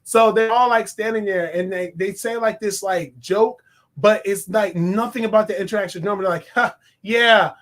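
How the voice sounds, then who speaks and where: High-voiced man giving a laughing movie review. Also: normal speed. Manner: animated, laughing, slangy, acts out scenes. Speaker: film reviewer. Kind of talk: casual video review.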